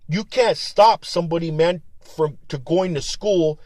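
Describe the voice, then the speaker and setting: Man, rambling, profane, heated, a bit high-pitched, dry. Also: a little slow, a little mellow, dry recording. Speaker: security guard supervisor. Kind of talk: casual venting monologue.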